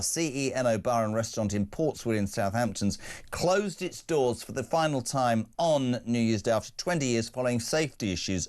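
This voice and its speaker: Brash, ranting male radio host. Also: medium pitch. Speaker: radio breakfast show host. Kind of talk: opinionated talk radio banter.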